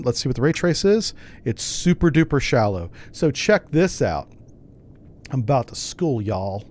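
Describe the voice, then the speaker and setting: A man's voice: mid-range voice, darkish tone. Man thinking aloud over a sub sim. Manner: thinks aloud, wry and self-mocking. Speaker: gaming channel host. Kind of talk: casual gameplay commentary.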